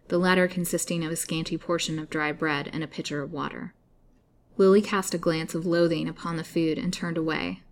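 A woman narrating a storybook chapter in a measured, expressive way. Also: low voice. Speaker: audiobook reader.

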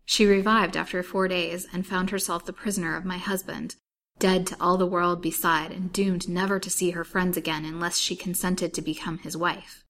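A woman's voice: fairly low pitch, level tone, moderate pace, fairly bright tone, a little hiss or hum. A woman reading aloud in the voice of a weak, bitterly wronged young wife, earnest and pleading.

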